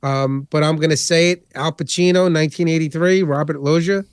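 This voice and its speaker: Man, high voice, dry close sound, profane, animated movie chat. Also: a little fast, clean tone, no room sound. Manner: profane, animated retelling of scenes. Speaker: podcast co-host.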